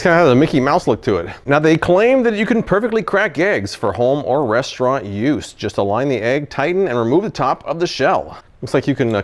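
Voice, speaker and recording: Lively, animated male product reviewer. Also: medium pitch. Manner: animated, often exasperated, chuckling at failures. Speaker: product reviewer, channel host. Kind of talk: casual product-testing vlog.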